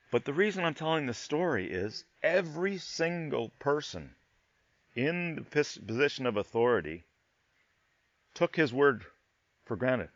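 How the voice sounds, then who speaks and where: A middle-aged man, a podcast host, telling a personal story in a casual, animated way, often repeating himself and swearing in disbelief. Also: medium pitch, creaky, no echo, highs cut off.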